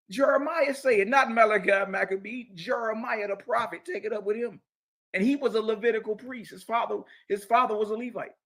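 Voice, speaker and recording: This religious teacher's voice sits high with a fairly bright tone. Lecturing on scripture with real heat, he mocks and confronts, drops slangy remarks, and hammers the same key phrases again and again.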